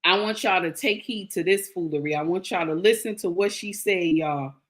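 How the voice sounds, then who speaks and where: A woman's voice: lowish voice, normal speed. An older woman, giving sassy, preachy commentary to her viewers. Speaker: commentary vlogger. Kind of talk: casual opinion commentary.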